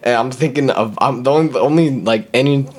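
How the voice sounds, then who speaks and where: A man's voice: mid-range voice, fast talker. A young man hosting a podcast, telling a long casual story full of fillers and acting out the voices of the people in it. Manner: rambling, full of fillers, acts out the voices in his stories. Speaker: podcast host.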